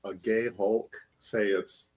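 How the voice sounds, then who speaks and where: A man's voice: on the low side, level tone, takes it slowly, darkish tone. A man co-hosting an art podcast, chatting casually with wry, joking asides. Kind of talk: casual chat.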